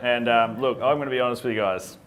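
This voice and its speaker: A man's voice: mid-range voice, steady tone, fast talker. A male guest comedian, delivering one-liners awkwardly and laughing mid-sentence. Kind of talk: self-deprecating one-liners. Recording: noisy room ambience.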